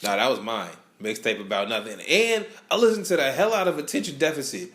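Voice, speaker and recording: A man's voice: mid-range voice, animated, fast, fairly bright tone. A young man hosting a podcast, chatting casually in a laid-back, slangy way and laughing often. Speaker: podcast host. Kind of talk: casual chat.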